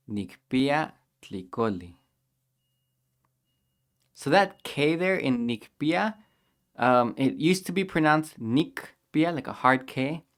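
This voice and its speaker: A male language teacher explains vocabulary in an unhurried, measured way. He sounds out each practice phrase slowly, again and again, so learners can follow. His pitch sits at a middling level for a man. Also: fairly bright tone.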